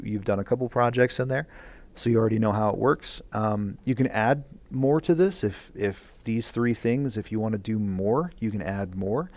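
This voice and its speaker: A man's voice: lowish voice, a little mellow, dry recording. A male teacher recording class instructions, rambling with many fillers, earnest and encouraging.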